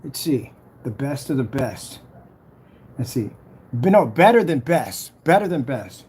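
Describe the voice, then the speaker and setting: A small business owner records a casual talk-along screen capture while designing an ad for his product, boasting about it, hyping it up, and trash-talking rivals as he mutters and whispers to himself. His medium-pitched voice is very animated and a little mellow, with a husky quality and a measured pace.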